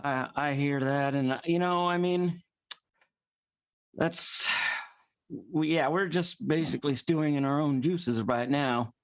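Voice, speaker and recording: Man, improv player, somewhat high voice, hesitant, filler-heavy. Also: a little slow, pauses often, clean tone, no room sound. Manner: hesitant, many ums and uhs. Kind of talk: improvised comedy scene.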